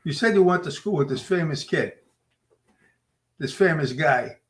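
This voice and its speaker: A man hosting a podcast, telling stories in a teasing, casual way that often drops to a low mutter. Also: expressive, normal speed. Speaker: podcast host.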